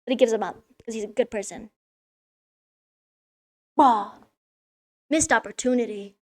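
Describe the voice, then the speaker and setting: A woman's voice: a little high, unhurried. A young woman vlogger giving a casual, sarcastic recap of a children's story, swearing freely as she goes. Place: room in a school.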